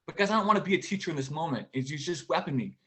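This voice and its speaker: A man in his forties, his voice a little high, performs stand-up comedy from home for a virtual show. His delivery is halting and deadpan, with many pauses.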